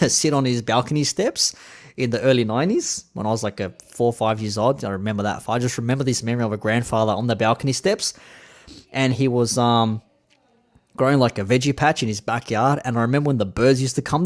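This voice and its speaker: A man in his thirties with an Australian accent, hosting a laid-back, rambling live-stream chat in plain slang. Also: mid-range voice.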